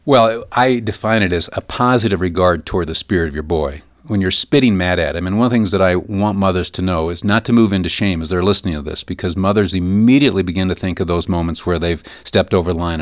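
Earnest low-voiced man in a dry studio. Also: dry recording. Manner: earnest, acts out quoted mothers and sons. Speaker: guest author on parenting. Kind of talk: radio interview talk.

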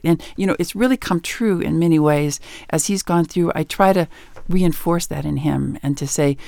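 Creaky-voiced woman giving parenting advice. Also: low voice, normal speed, no room sound, studio quality. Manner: animated storyteller who acts out dialogue. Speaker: guest author and educator. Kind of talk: radio interview, conversational advice.

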